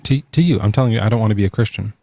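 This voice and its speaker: Speaking very fast in a lowish, mellow voice with vocal fry, a man calls in to a late-night debate. As an atheist, he sarcastically teases and quizzes a believer.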